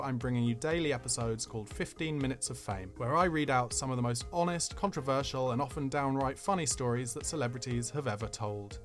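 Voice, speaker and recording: A man hosting a podcast, reading celebrity stories aloud in a measured, expressive way. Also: medium pitch. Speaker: podcast host.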